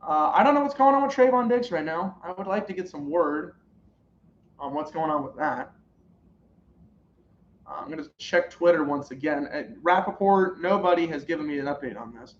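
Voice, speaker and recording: A young man streaming live reactions to a football game, calling plays and shouting at big moments. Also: fairly high pitch, animated, moderate pace, slight background noise. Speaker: sports streamer. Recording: roomy, dull lo-fi live stream audio.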